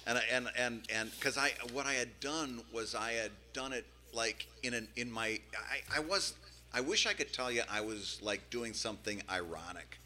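A man co-hosting a podcast in casual chat, telling stories in an animated, self-deprecating way with many restarts. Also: mid-range voice, moderate pace. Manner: animated, self-deprecating, repeats words while storytelling. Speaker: podcast co-host.

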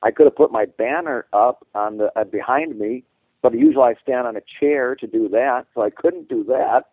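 A man chats on a podcast, telling a long story in a halting way, restarting and repeating words as he goes. His voice comes through thin and tinny, like a phone line, and sounds dry, with no room around it. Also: mid-range voice, no room sound. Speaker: podcast co-host. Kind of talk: casual podcast chat.

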